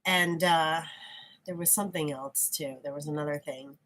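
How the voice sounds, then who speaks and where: A woman vlogger in a casual, frank monologue, reflective and halting, often restarting her sentences. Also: low voice, fairly even intonation, a bit bright.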